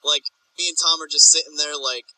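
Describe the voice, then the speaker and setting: A young student co-hosts a relaxed podcast chat, joking around easily. His voice is bright and sharp, but he sits a little back from the microphone, so he sounds distant. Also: a little high, brisk, dry recording. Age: young adult. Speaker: podcast co-host. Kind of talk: casual group chat.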